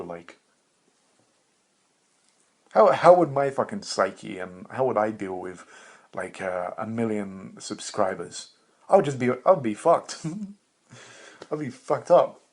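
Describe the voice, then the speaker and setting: A young man hosting a solo podcast, rambling in a meandering, profane, self-mocking way with bursts of laughter. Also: on the low side. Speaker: podcast host.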